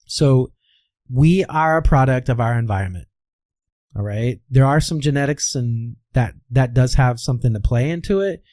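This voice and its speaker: Darkish in tone and set in the mid range, this man's voice moves at a moderate pace, captured without room sound. He's a voice coach from Kansas, USA, with a softened Midwestern accent, talking through stories in an interview and often saying "all right."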